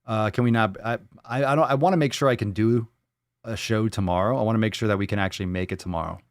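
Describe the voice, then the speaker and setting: A man's voice: lowish voice, quick pace, no room sound, clean studio sound. A man hosting a live podcast, riffing sarcastically and swearing a lot as he reads posts aloud. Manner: sarcastic, profane, jumps into silly voices. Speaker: podcast host. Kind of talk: casual live show banter.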